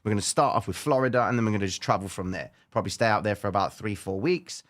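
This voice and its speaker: A man hosting a live trading stream, casually walking viewers through order-book levels and chatting with them, often checking in with a quick "okay?". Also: on the low side. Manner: casual, animated, talks straight to viewers with frequent "okay?".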